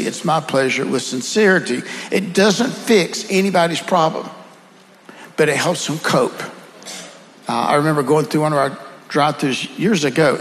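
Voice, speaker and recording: Southern man, slightly high, gravelly, relaxed folksy speaker, reverberant room. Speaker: guest speaker. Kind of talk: conversational storytelling.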